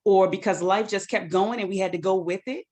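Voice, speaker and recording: A woman's voice: mid-range voice, fairly even intonation, fairly quick, a little mellow. A woman author giving an earnest personal testimony about grief on a video call, sometimes quoting scripture. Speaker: guest author.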